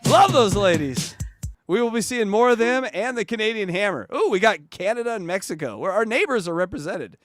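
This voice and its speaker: Giggly high-voiced male host. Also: lively intonation, brisk, dry recording, clean studio sound, faint music behind. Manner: giggly, gushing, easily amused. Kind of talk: late-night show banter.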